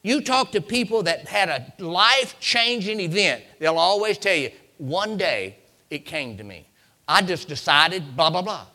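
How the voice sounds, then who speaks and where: A man preaching a sermon, reading scripture aloud and building up to shouted lines. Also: high-pitched, lively intonation, a little slow.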